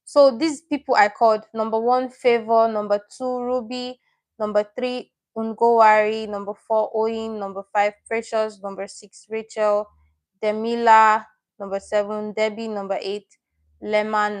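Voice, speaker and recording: A woman's voice: mid-range voice, flat delivery, measured pace. A woman teaching a live online lesson in a chatty way, often repeating herself and correcting her own slips as she reads out viewers' names and comments.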